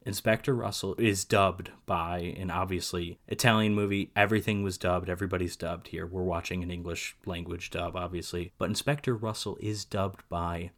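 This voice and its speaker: A man co-hosting a casual film podcast, rambling through his points with frequent laughs and animated asides. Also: sits low, normal speed, few pauses. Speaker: podcast co-host.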